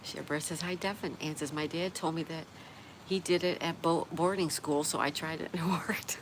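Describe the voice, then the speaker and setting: Reading chat aloud on her relaxed livestream, a woman replies with laughter. Her voice is low, fairly even in intonation, at a moderate pace, with noticeable background noise in the recording.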